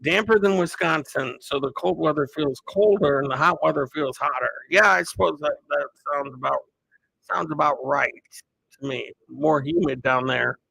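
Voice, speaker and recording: A man casually chatting to viewers on a live stream, rambling in a relaxed way. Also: on the high side, moderate pace, vocal fry, slightly rough, poor audio.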